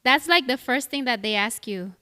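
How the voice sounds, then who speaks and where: A woman's voice: on the high side, animated, normal speed, music in the background. Woman speaking casually as a podcast guest. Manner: casual, swears freely, short reactive replies.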